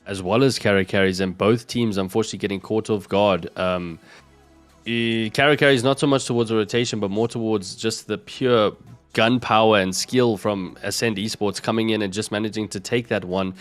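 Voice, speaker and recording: A man with a South African accent giving esports color commentary, breaking down plays in a measured way with frequent fillers. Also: lowish voice, no echo. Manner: measured analysis with many fillers. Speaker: esports co-caster.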